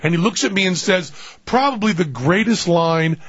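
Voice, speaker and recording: A man telling a comic story in casual chat, animated and self-mocking, often laughing. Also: high-pitched, normal speed, breathy edge, no room sound. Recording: dull, dry, slightly muffled sound.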